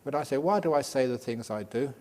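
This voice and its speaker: An older man gives a Dhamma talk as a Buddhist monk, with a mid-range voice. He teaches in a lively, joking way, sprinkling his talk with humor and examples. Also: medium pitch, fast. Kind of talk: Dhamma talk at a day retreat.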